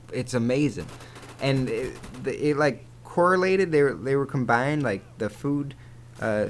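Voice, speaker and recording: Here a young man who makes gaming videos on YouTube narrates a story over his footage in a loose, rambling way. He keeps restarting sentences and swears casually. His voice sits mid-range, and there's slight background noise.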